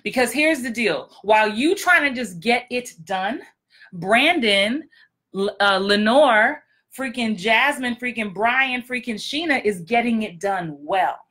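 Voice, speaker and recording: A woman's voice: on the high side, expressive, measured pace, pushed and bright. A woman acting coach giving very direct, blunt advice in a frank, emphatic vlog talk. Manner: frank, emphatic, repeats for effect.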